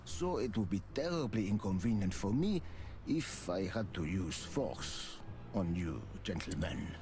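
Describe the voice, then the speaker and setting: An actor playing a towering, formally courteous bull bouncer in a game. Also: male voice, deep voice, very animated, a little slow, a little hiss or hum. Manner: formal, courteous, calls everyone gentlemen or sir. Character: towering polite bull bouncer at a club door. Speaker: game character.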